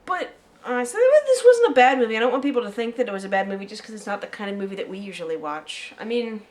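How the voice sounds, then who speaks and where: Woman, chatty and rambling, excitable, a little high-pitched, casual film talk. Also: fast. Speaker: co-host of a film review show. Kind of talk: casual chat.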